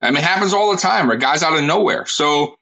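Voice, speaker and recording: A man's voice: on the high side, quick pace, creaky, pushed and bright, poor audio. A man hosting a casual sports chat, blunt and emphatic, often saying "bro". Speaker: podcast host.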